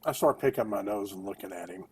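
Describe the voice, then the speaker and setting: A man's voice: on the low side, fast talker, slightly rough. A man playing his character in a tabletop game, stammering and playful. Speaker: player. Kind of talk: tabletop play.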